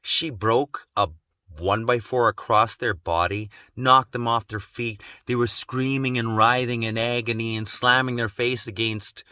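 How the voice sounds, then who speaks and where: An adult man telling a personal story in an emotional, intense way, growing slow and quiet at its gravest. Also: medium pitch, steady tone, clean tone, no room sound, clean studio sound. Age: adult, has children. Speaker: vlogger.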